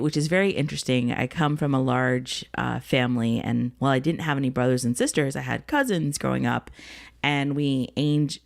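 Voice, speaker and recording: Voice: mid-range voice, gravelly. A podcast co-host in casual chat who asks the questions and teases a little.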